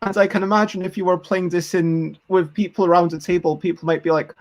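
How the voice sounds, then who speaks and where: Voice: mid-range voice, little pitch movement, fast. A streamer hosting a casual game design session, thinking aloud and counting out numbers. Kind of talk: casual live-stream chat.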